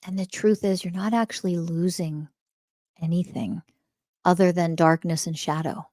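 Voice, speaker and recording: A woman spiritual teacher hosting her podcast, confrontational and emphatic, swearing freely and pressing the listener with rhetorical questions. Her voice sits fairly low for a woman, recorded dry and close with no room sound. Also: normal speed, darkish tone, no echo. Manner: repeats key phrases for emphasis. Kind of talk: blunt spiritual teaching monologue.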